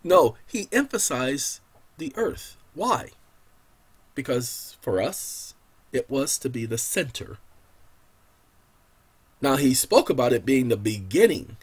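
A man hosting his own channel, giving an impassioned, preacher-like lecture to his audience. He talks emphatically, keeps addressing "ladies and gentlemen," and swings between hushed and loud delivery. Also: mid-range voice, big pitch swings, a little slow, breathy edge. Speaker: channel host giving legal advice.

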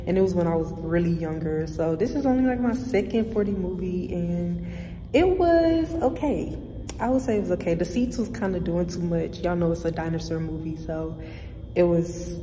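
A woman's voice: on the low side, normal speed, noisy background. A young woman with a Southern American accent, chatting casually to her camera as a vlogger and calling her viewers y'all. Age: young adult. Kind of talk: casual vlog chat to camera.

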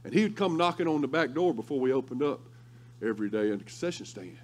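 A male pastor preaching a sermon through lively, humorous storytelling. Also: medium pitch, fast talker. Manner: animated, humorous storytelling with laughter.

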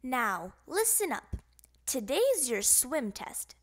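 Woman plays a stern male camp director making storybook announcements, slow, lively pitch. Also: heavily acted. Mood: commanding. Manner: announcing, commanding.

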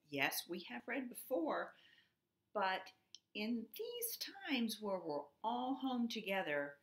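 A preschool teacher reads a picture book aloud to young children in a gentle, expressive way. Her voice sits a little low and she takes it very slowly. The room around her rings with noticeable echo. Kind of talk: storybook read-aloud for children. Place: at home. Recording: roomy home echo.

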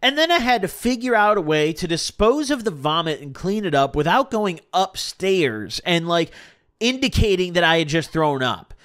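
A man's voice: high-pitched, sing-song, moderate pace, fairly bright tone, no echo, clean studio sound. Rambling, profane young man telling a story. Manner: rambling, profane, self-correcting. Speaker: storytelling streamer. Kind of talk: casual storytime.

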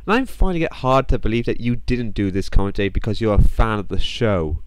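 A man's voice: lowish voice, big pitch swings, brisk, smooth, no echo, rough recording. A man hosting a sarcastic, mocking commentary on another video. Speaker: commentary channel host.

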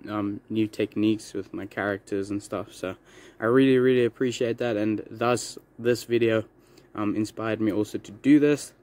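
A man's voice: medium pitch, a little mellow. A young man casually introducing his video, rambling and correcting himself with little laughs. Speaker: YouTube creator.

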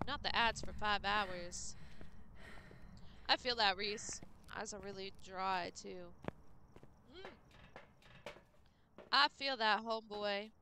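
A woman streaming a game live, chatting casually with viewers, reading their messages aloud and humming to herself between bursts of excitement. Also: mid-range voice, slow, long pauses, a little hiss or hum.

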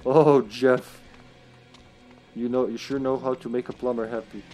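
A man streaming a co-op survival game live, chatting, swearing casually and breaking into loud laughter. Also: medium pitch, flat delivery, measured pace, soft background music. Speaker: streamer playing co-op. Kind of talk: live gameplay commentary.

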